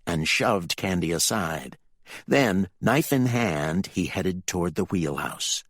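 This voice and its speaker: A man narrating a fantasy audiobook with expressive, dramatic storytelling. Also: deep voice, a little slow, slightly rough, no echo.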